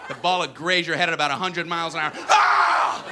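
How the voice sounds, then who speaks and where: A man performs stand-up comedy in an animated, high-pitched voice, often jumping into childish voices for his bits. The live recording carries loud crowd laughter and room noise. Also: very fast. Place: comedy venue before a live audience.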